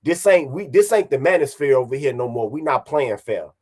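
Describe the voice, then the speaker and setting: A man's voice: medium pitch, animated, brisk, darkish tone, slightly rough. A man streaming online, ranting casually in a profane, confrontational way and repeating his points.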